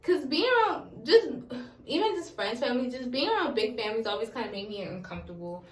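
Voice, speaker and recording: A woman's voice: a little high, lively intonation, fast. A young adult woman talking candidly in a vlog, rambling and repeating herself in casual slang. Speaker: vlogger. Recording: echoey room.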